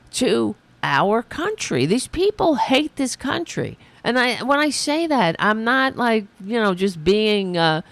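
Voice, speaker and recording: A woman's voice: mid-range voice, fairly bright tone, no echo. A middle-aged woman hosting a political commentary podcast, ranting angrily and swearing a lot. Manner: angry, profane ranting. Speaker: podcast host.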